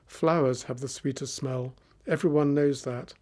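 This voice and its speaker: A man's voice: medium pitch, steady tone, warm tone, lightly acted. A man doing a foolish servant. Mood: musing. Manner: slow, musing. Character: foolish, boastful male servant.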